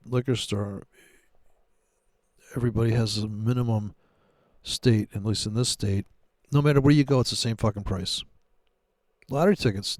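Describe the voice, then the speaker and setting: A man's voice: medium pitch, a little mellow, no room sound, studio quality. A man giving rambling, sarcastic, profane commentary while trading live. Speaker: day trader streaming live.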